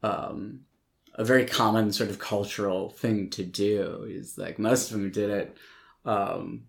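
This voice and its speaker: A man's voice: on the low side, steady tone, measured pace, gravelly. A man hosting a podcast, casually recapping a film in a rambling way, full of likes and ums, with occasional swearing. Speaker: podcast host.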